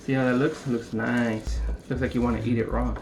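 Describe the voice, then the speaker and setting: A young man talks through trimming and seasoning a brisket in his home kitchen, loose and jokey, with offhand swearing. His voice sits at a middling pitch for a man. Clear room ambience runs underneath. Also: level tone, noisy background. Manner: joking, rambling, swears casually. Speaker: home cook showing a brisket recipe. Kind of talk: casual cooking demonstration.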